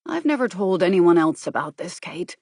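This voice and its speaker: A grave, controlled man, read by a woman, talks in a measured, earnest way, quietly worried and gently persuasive. The voice sits low, recorded close and dry in an audiobook. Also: big pitch swings, dry recording.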